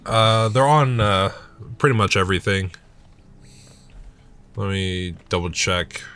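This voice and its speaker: A man's voice: low-pitched, takes it slowly, a bit bright, clear, resonant tone. A man co-hosting a let's play, chatting casually about games with lots of fillers, restarts and swearing. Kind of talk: casual chat while gaming.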